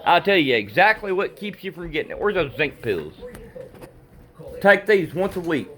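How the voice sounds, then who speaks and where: A father ranting to the camera at home in a casual, repetitive, animated way. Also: on the high side, moderate pace. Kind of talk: casual political rant.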